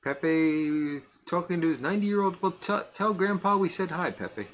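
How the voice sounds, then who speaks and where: A man's voice: high-pitched, animated, moderate pace, fairly bright tone, a little hiss or hum. Chuckling man hosting a chat stream. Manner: chuckles often, jokey and rambling. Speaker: host of a live pipe-smoking stream. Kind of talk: casual live-stream chat reading viewer comments.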